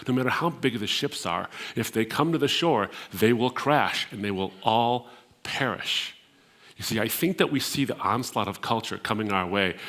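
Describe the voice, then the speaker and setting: A middle-aged man from the Middle East preaches to a gathering, weaving a story into his sermon. His voice sits at an ordinary middle pitch. He climbs to emphatic peaks on key points and sometimes stumbles over repeated words as he searches for the next phrase. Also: fairly bright tone. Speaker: speaker at a Christian gathering.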